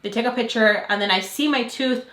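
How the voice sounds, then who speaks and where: A young woman vlogger telling a story to the camera in a chatty, animated way, full of fillers. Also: fairly high pitch, a little fast. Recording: echoey room.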